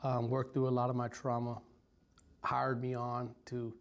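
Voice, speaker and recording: A man in his forties from Stockton, California, recounts his life in an interview. He speaks in a halting, reflective way with frequent ums and restarts, and his mid-range pitch barely rises or falls. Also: monotone. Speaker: violence prevention worker. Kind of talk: personal story told in an interview.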